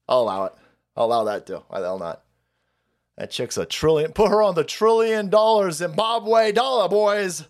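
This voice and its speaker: A man hosting a livestream and ranting in a crude, profane, sarcastic way, slipping in quick mocking voices. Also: fairly high pitch, big pitch swings. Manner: mocks people by putting on quick voices. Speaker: livestream host.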